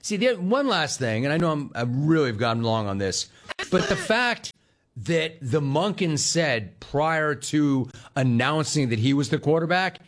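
A man's voice: a little high, very animated, unhurried. A middle-aged man hosting a sports talk show, ranting in a heated, sarcastic way. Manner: sarcastic, heated, mocks the player in put-on voices. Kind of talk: sports radio rant.

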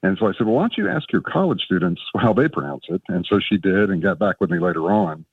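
A man's voice: low voice, animated, quick pace, breathy edge, dry recording, recorded from a distance. Man in his fifties on a tinny phone line. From Florida, USA. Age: 50s. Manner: chatty, hesitant restarts. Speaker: caller. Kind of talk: phone-in question to a radio show.

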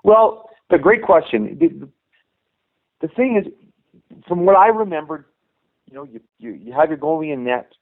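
A man's voice: fairly high pitch, animated, normal speed, pauses often. A middle-aged man and youth hockey coach, telling rambling anecdotes in a casual interview and acting out the dialogue he quotes. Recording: tinny phone line.

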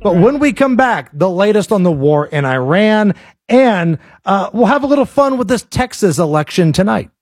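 A man's voice: sits high, big pitch swings, no echo, studio quality, soft background music. A man hosting a talk radio show, joking loosely and reading ads in a casual way. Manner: loose, joking, quick asides. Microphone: studio mic.

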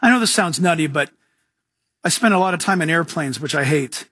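A man delivers a sermon in a high, bright, slightly husky voice. He tells stories and cracks jokes with frequent chuckles, slipping into playful impressions of other people. The sound is close and dry. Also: fairly quick, no echo. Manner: mimics other people in lively asides. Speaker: pastor.

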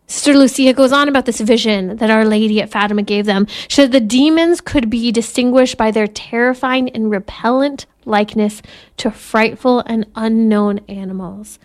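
A woman in her thirties speaks as a Catholic mother sharing reflections on faith and family. Her voice sits a little high, and she talks earnestly, slowing for emphasis and laughing softly through her stories. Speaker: Catholic podcast host and mother.

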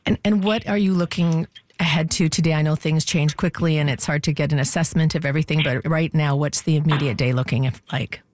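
A radio host conducting an interview, asking gentle, probing questions with repeated stammered starts. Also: medium pitch, steady tone, brisk.

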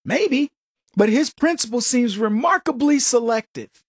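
Husky, lively middle-aged male commentator. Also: very high voice, measured pace, no echo, clean studio sound. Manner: sarcastic, preachy, addresses listeners as folks. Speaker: political commentary host. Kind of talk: opinionated monologue.

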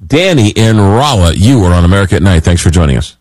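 Low-voiced man hosting call-in radio. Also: very animated, darkish tone, no echo, rough recording. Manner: reads listener messages aloud, halting with many fillers. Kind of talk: late-night call-in talk radio.

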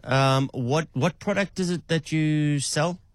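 A man's voice: fairly high pitch, slow, no echo. A man calling an AI voice agent and testing it with playful, probing questions. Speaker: caller testing an AI.

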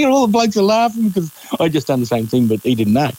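A middle-aged man with an Australian accent tells a story in relaxed, casual chat, with a jokey edge. His voice sits at an ordinary pitch, and he acts out lines he quotes from other people. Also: brisk, low-quality recording. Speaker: interviewee, former miner.

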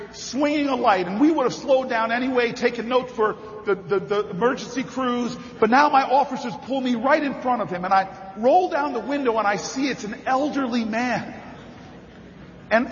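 A politician telling a story and building to rally cries in an impassioned campaign speech at a convention. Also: male voice, very high voice, slight background noise. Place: large convention hall. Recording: reverberant hall, dull sound.

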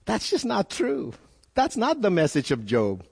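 A male pastor preaching a sermon, with animated delivery, sudden rises in pitch and frequent repeated words. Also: a little slow, gravelly, slightly rough, long reverb tail.

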